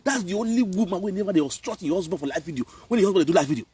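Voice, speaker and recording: A man's voice: high voice, animated, rapid-fire, a little mellow, husky, recorded from a distance. A man from Benin, Nigeria, speaking Nigerian Pidgin English, who rants and scolds in a preachy live video commentary. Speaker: online commentator.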